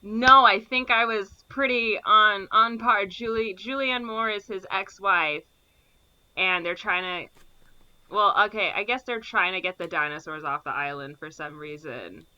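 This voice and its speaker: A woman's voice: mid-range voice, unhurried, sharp tone, clean tone, no echo, highs cut off. A woman co-hosting a podcast, chatting casually and guessing at a plot with hesitant fillers. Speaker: podcast co-host. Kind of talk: casual chat.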